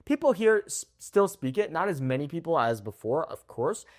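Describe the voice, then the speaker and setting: A young man from the United States teaching a Spanish language lesson to camera from his home in Mexico. He sounds upbeat and slows down carefully whenever he models a word. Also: on the high side, sing-song.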